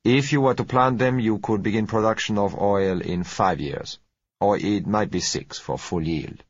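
A man voicing a smooth, polite South American businessman who speaks gently and unhurriedly, in a dull lo-fi recording. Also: fairly low pitch, moderate pace, no room sound. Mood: suave.

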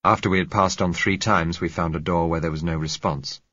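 A man narrates an audiobook in a measured, dryly wry manner. His voice is deep and husky. The recording is dry and slightly lo-fi. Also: fairly even intonation, bright, forceful tone, no room sound.

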